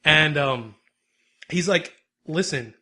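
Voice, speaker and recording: A man co-hosting a podcast, recapping an episode in a lively, rambling, casual chat. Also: fairly high pitch, a little fast. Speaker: podcast co-host.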